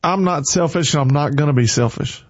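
Fervent man, husky voice, preachy livestream talk, dull lo-fi sound. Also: fairly high pitch, a little fast, dry recording. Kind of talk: faith-filled livestream talk.

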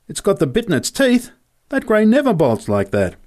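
A man voicing an excitable young country boy, speaking urgently. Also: fairly low pitch, moderate pace, vocal fry. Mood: alarmed. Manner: urgent, exclaiming.

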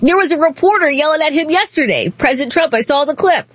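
A woman's voice: high voice, animated, fast talker, fairly bright tone, no echo. A woman hosting a political talk show, delivering a sarcastic, mocking commentary monologue and laughing at her own jokes.

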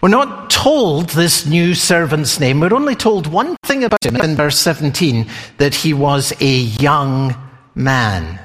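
A man's voice: fairly high pitch, lively intonation, measured pace, fairly bright tone. A man preaching a sermon, telling the story expressively and asking his listeners questions. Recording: long hall reverb.

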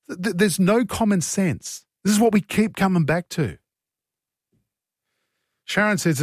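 A man's voice: high-pitched, animated, a little slow, long pauses, no room sound, clean studio sound. A man with an Australian accent hosting talkback radio, blunt and exasperated as he takes calls and reads out texts. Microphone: studio broadcast mic.

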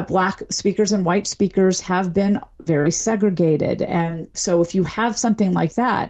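Woman linguistics professor explaining calmly. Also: on the low side. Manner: measured, academic, thinks aloud with fillers. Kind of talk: explanatory interview answers.

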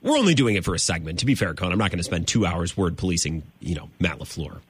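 A man's voice: low voice, expressive, quick pace, slightly rough. A man hosting a sports talk radio show, ranting emphatically with mock exasperation. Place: radio studio.

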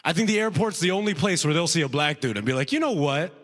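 A Canadian man does stand-up on a club stage, chatting with the crowd in a punchy, conversational style and laughing at his own jokes. His voice is fairly high, animated and a bit bright, and he talks quickly. The recording has faint noise and a long hall reverb.

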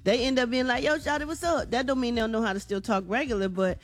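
A woman hosts a morning radio entertainment segment. She speaks in a slightly high voice, keeping it chatty and casual. Her talk is loose and friendly. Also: quick pace. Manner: chatty, casual, uses "y'all". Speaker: radio entertainment news host.

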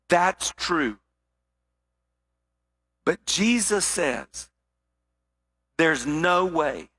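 High, bright-voiced man preaching. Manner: dramatic storytelling, drops to a hushed voice for weight. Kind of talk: sermon.

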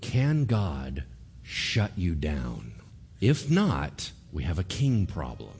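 A man delivering a sermon in a low voice that leaps and dips with lively emphasis. He acts out the people he talks about and keeps firing questions at the listeners. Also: slow pace, gravelly, husky. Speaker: pastor.

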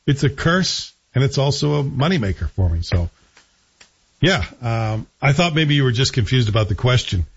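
Male morning radio host, teasing and talkative, husky voice with a lively swing, dry studio sound, slightly muffled. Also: mid-range voice. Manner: chatty, teasing, quick jokes. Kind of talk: casual morning radio banter. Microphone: studio microphone.

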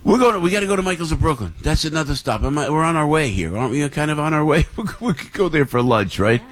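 A man hosting a talk radio show, reading live ads and interviewing guests in an excitable, rambling way in a studio. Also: a little high, fast. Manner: excitable, rambling, laughs through reads. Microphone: studio microphone.

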